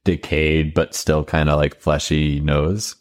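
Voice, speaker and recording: A man's voice: very deep voice, flat delivery, slow pace, dry recording, clean studio sound. A man in an improvised comedy sketch, talking in a casual, offhand way. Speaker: improv player.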